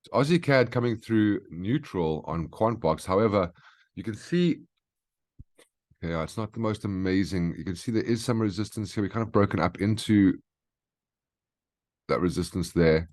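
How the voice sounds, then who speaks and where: A man's voice: on the low side, moderate pace, pauses often, darkish tone. A man hosting a daily market brief, walking through price charts in a casual, instructive way and often checking in with "okay?". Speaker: market analyst host. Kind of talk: live trading chart walkthrough.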